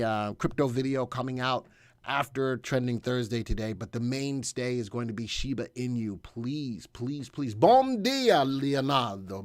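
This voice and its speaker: A man's voice: mid-range voice, no room sound, studio quality. A man hosting a casual live stream as a senior instructor, chatting and reading viewer comments aloud. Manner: chatty, reads out viewer comments, talks to an off-camera helper. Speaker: senior instructor and livestream host.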